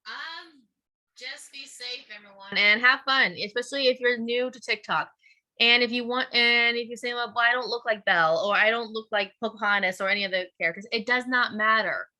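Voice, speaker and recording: A woman chatting as a guest in a casual interview, bubbly and talkative. Her voice is bright and forward. She keeps an easy, friendly flow. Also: fairly high pitch. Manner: bubbly, chatty, quick laughs. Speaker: guest, teacher and cosplayer.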